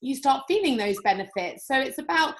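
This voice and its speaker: A woman's voice: sits high, expressive, a little fast. A woman hosting a video call, affectionate and gushing with her guests. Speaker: host.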